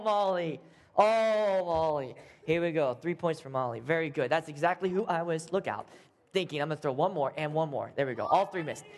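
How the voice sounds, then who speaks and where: A man teaching a lively Bible class, playful and animated, acting out the characters and giving out quiz points. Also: high voice. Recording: echoey hall.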